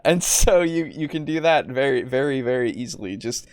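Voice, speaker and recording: A man's voice: mid-range voice, lively intonation, normal speed, no room sound, clean studio sound. A man co-hosting a podcast, chatting casually about tabletop games, rambling with many fillers, swearing and laughing often. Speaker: podcast co-host.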